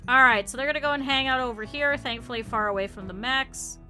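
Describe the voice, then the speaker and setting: A woman plays a game live, her voice sitting a little high and sounding sharp and bright. She chats to her viewers, scolds the characters on screen and swears freely. Soft game music plays faintly underneath. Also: fast. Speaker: streamer. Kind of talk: live gameplay stream commentary.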